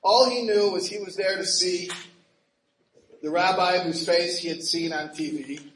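Animated high-voiced man telling a story. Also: unhurried. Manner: animated, laughing, acts out quoted voices with big pitch jumps. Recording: roomy echo with faint ambient noise.

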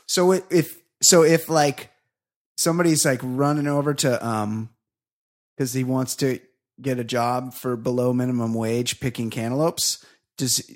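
A man co-hosting a comedy podcast in casual banter, swearing often and sounding emphatic and indignant. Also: medium pitch. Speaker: podcast co-host.

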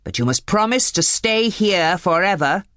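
A woman voicing a short-tempered, hairy male beast in a storybook reading, shouting gruffly. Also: mid-range voice, lively intonation, moderate pace, dry recording, clean studio sound, close to an everyday voice. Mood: stern.

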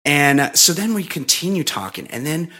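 A man's voice: fairly high pitch, expressive, moderate pace, pushed and bright. A man co-hosting a podcast, telling a long story in casual, profane, rambling chat full of fillers. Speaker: podcast co-host.

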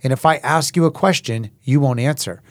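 A measured, solemn Jesus, as a man reads his lines aloud. The voice sits at an ordinary pitch. It is recorded in a dry space with no room sound. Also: dry recording, close to an everyday voice. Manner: measured, solemn scripture reading. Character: Jesus, a calm grown male teacher. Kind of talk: Bible reading.

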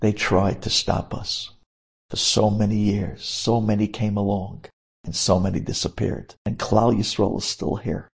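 A man, a rabbi, telling a dramatic story, swinging between hushed moments and emphatic ones. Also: fairly low pitch, little pitch movement, unhurried, vocal fry, breathy edge.

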